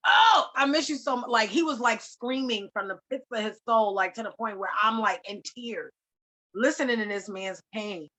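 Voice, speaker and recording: An animated woman hosts a podcast in a casual, slangy style. She tells her story loosely and swears now and then. Her voice sits at an ordinary middle pitch. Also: moderate pace. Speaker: podcast host. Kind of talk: casual chat.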